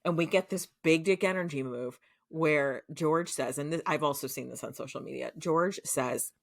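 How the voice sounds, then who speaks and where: Very low-voiced woman recapping a show. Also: moderate pace, creaky, dry recording, clean studio sound. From United States. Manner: chatty, swears freely, heavy use of fillers like "like" and "um". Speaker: podcast co-host. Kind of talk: casual chat recapping a show.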